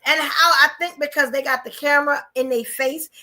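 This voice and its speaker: A woman from New hosts a live podcast. Her voice sits very high and sounds bright and forceful. She comments bluntly and animatedly, laughing often. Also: steady tone, brisk. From New York. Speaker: podcast host.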